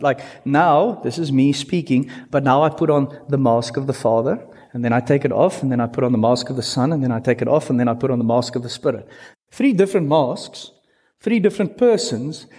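A man preaching a sermon to a congregation, animated, stretching key words slowly and putting playful questions to his listeners. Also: medium pitch, breathy edge. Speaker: pastor.

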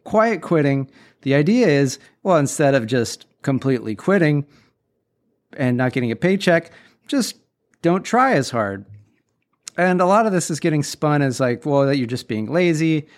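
A man's voice: fairly high pitch, very animated, normal speed. A man in his forties hosting a casual solo podcast, speaking candidly and bluntly with firm opinions. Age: 40s. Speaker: podcast host.

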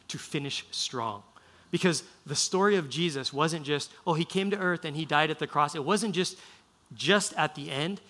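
A male pastor delivers a sermon in a relaxed, conversational way and often restarts his phrases. His voice sits a bit high and sounds bright and forward. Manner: casual, conversational preaching with frequent restarts.

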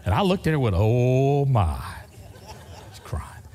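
A man's voice: on the high side, big pitch swings, rapid-fire, a little mellow, big-room sound. A man preaching a sermon as pastor, telling folksy stories and driving points home through repetition.

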